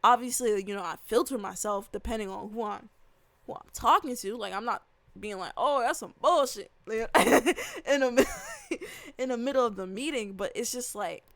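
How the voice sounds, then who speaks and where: A woman's voice: a little high, moderate pace, a bit bright, no room sound. A woman, ranting casually with lots of profanity, slang and emphatic repetition. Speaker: vlogger reacting to a video. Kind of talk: casual rant.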